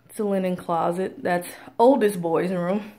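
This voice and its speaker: A woman's voice: on the low side, steady tone, measured pace, dark tone. A woman vlogger casually showing rooms of a house as she walks through, rambling with frequent fillers, speaking into a handheld camera. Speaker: vlogger giving a house tour. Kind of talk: casual house tour narration. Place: inside a house, walking room to room.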